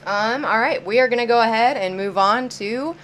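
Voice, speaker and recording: A woman's voice: fairly high pitch, moderate pace, fairly bright tone, a little hiss or hum. A woman hosting a live-stream auction, chatty and upbeat, greeting viewers by name as she counts down bids.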